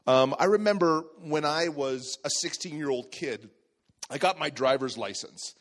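A middle-aged man telling a lively personal story as a pastor in a sermon. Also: fairly high pitch, moderate pace. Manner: lively, animated storytelling with acted voices.

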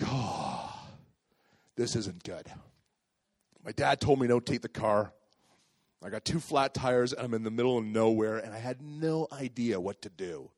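A middle-aged man telling a lively personal story as a pastor in a sermon. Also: mid-range voice. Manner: lively, animated storytelling with acted voices.

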